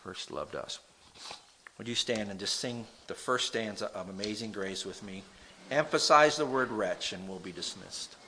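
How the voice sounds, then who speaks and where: A man pastor preaching an impassioned sermon in a church, swinging from loud appeals to hushed prayer. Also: fairly low pitch, animated, moderate pace, slight background noise.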